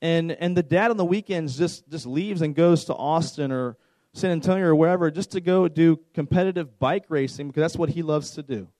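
A man's voice: a little high, brisk, darkish tone, no room sound, poor audio. A man in his thirties preaching a conversational sermon to a youth group as their pastor, repeating words and joking with the room.

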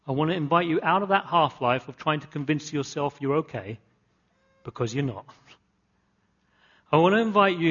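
A man's voice: fairly high pitch, a bit bright, lo-fi sound. A man preaching a sermon, repeating key phrases and building to emphatic climaxes. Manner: earnest, repetitive emphatic preaching with rising climaxes. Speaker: pastor.

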